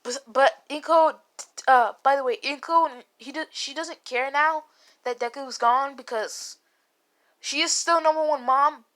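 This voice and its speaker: A woman's voice: high voice, measured pace, fairly bright tone. A woman casually retelling a made-up fan story, rambling and swearing, with many restarts. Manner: rambling and profane, full of restarts and "like".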